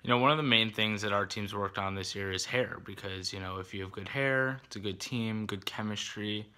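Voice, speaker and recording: A young man talking in a deadpan, laid-back way for a joke vlog. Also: lowish voice, a little fast.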